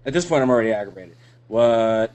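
A man in casual podcast chat, swearing freely as he tells animated stories. His voice sits at an ordinary pitch. He talks loosely and keeps it profane. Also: normal speed. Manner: profane, animated storytelling with laughs. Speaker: podcast co-host.

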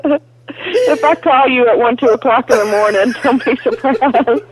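A woman's voice: on the high side, moderate pace, rough recording. A woman, the host's sister, chatting casually with blunt teasing and frequent laughter. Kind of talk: casual chat.

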